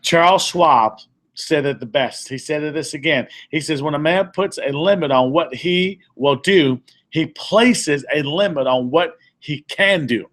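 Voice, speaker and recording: Here the man's pitch sits fairly high, his tone is a bit bright, and his delivery is a little slow. He's addressing a live audience as a motivational speaker in a group session, emphatic, restating ideas over and over and occasionally fumbling his words.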